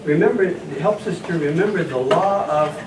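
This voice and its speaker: A man's voice: on the high side, normal speed, natural voice. A man playing a cheerful scribe teacher. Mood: cheerful teaching. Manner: cheerful, leads children in call-and-response. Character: friendly male scribe teacher and farmer. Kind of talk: church children's skit. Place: church hall. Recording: echoey, distant mic, noisy room.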